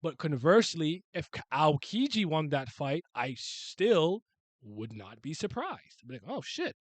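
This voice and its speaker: A young man from Canada chatting casually on a live stream, answering comments in an animated way and swearing freely. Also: on the high side, unhurried, no echo. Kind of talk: casual live reaction chat.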